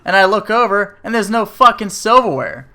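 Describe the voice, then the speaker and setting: A man's voice: high voice, lively intonation, moderate pace, bright, forceful tone. A man telling a profane, sarcastic rant about bad service in a casual way. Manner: profane, sarcastic, filler-heavy. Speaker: restaurant server telling a story.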